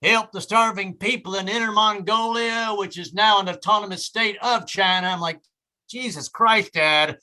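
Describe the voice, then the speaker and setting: A man doing a stand-up comedy set on a club stage, stammering through restarts and hitting his punchlines loudly. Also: high voice, steady tone, moderate pace, hardly any pauses. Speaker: stand-up comic.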